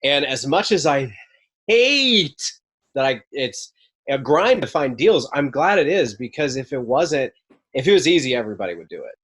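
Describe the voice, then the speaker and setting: A young man talks through his experience in a relaxed podcast interview. He speaks candidly, and he often doubles back and restarts a phrase mid-thought. His pitch sits in an ordinary middle range. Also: brisk, husky. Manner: candid, storytelling, frequent restarts. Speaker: podcast guest, mobile home park investor. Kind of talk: casual interview chat.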